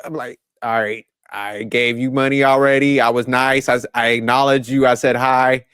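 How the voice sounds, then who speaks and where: A man's voice: mid-range voice, level tone, moderate pace, hardly any pauses, fairly bright tone, clean tone, no room sound, clean studio sound. A man, chatting bluntly and profanely on a podcast and laughing at his own remarks. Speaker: podcast host. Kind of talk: casual chat.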